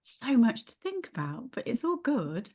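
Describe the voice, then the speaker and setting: A woman's voice: fairly high pitch, big pitch swings, moderate pace, warm tone, breathy edge. A middle-aged woman teaching a yoga class, thinking aloud with frequent restarts. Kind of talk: casual teaching in a small group.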